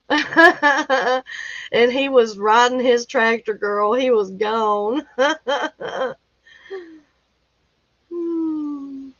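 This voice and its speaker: Slow-talking woman, folksy and laughing. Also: high-pitched, fairly bright tone, dry recording, highs cut off. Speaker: livestream host. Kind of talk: casual chat reading news headlines. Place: rural home.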